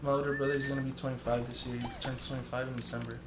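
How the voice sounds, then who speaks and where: A young man in his early twenties tells loose, rambling stories in casual chat, swearing freely as he goes. The room is roomy and echoey, with a clear layer of steady noise behind him. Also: mid-range voice, racing. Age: 20s. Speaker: streamer.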